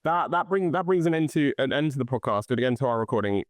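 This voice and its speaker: A British man hosting a podcast in casual chat, rapid and full of restarts. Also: mid-range voice, expressive, dry recording, studio quality. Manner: quick, restarts phrases often. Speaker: podcast host.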